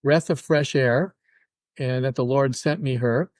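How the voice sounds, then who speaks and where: An older musician, a guest in a casual interview, tells personal stories in a medium-pitched, unhurried voice. He's animated and acts out other people's voices, with no room sound in the recording.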